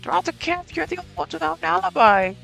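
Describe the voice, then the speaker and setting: A man voicing a stern older woman camp leader in a high, strained old-lady voice. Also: big pitch swings, fast talker, gravelly, sharp tone, soft background music, exaggerated voice. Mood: cold.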